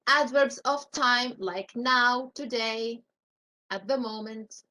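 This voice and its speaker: A woman with a high voice teaches a live English grammar lesson. She walks through each rule step by step with example after example and keeps asking the class questions. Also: takes it slowly, pushed and bright, low-quality recording.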